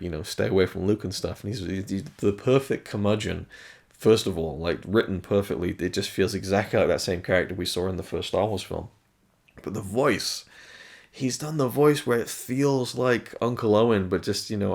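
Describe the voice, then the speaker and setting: Deep, gravelly man rambling through a review. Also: a little mellow. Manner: rambling, frequent restarts and repeated words; frank, swears casually. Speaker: film and TV reviewer. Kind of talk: casual spoken review.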